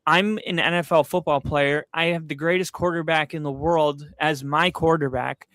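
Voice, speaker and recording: A man's voice: on the high side, moderate pace, no echo, clean studio sound. A man casually co-hosting a podcast, telling a long personal story full of fillers and asides. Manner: rambling, animated storyteller with frequent fillers. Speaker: podcast co-host. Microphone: streaming setup, close mic.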